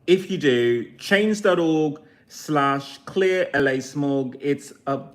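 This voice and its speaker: High-pitched guy in his 40s, cussing nonstop, ranting at the camera. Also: slow. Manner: heavy swearing, blunt, mocking. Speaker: vlogger. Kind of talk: profane rant to camera.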